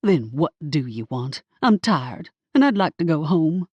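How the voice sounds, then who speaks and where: Woman reading as a snippy hairdresser witch, spiteful, defensive, sharp-tongued, dry close sound. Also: deep voice, sing-song, a little slow, dry recording, lo-fi sound, heavily acted. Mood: nervous. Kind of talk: audiobook character voice.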